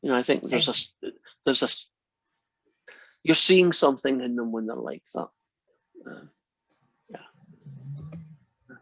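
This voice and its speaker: A man's voice: medium pitch, fairly bright tone, slightly rough, no room sound, dull audio. A Scottish man giving a math lecture in a classroom, chatty and often restarting his sentences. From Scotland.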